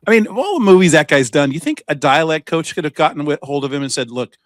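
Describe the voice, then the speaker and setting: A man's voice: a little high, animated, fast, no echo, studio quality. A man co-hosting a podcast, talking in a loose rambling way full of fillers and tangents. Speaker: podcast co-host. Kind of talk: casual chat.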